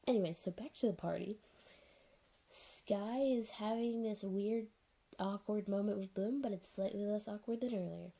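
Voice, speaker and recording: A young woman casually recapping a show episode with dry sarcasm and plenty of filler words. Her voice is mellow and a little husky, and her delivery is loose and chatty. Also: medium pitch, normal speed, poor audio. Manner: sarcastic, chatty, full of "like" and "anyways". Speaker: video reviewer.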